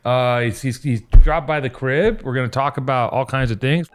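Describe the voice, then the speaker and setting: A man's voice: medium pitch, moderate pace, soft background music. A man hosting a podcast, chatting casually and joking around with plenty of swearing. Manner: loose, joking, swears freely. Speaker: podcast host. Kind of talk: casual chat.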